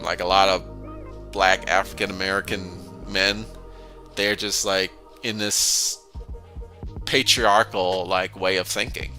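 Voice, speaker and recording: This man, host of a philosophy discussion channel, has a low, gravelly voice with a pushed, bright edge. He delivers a casual conversational monologue, rambling, restarting often, and chuckling between points.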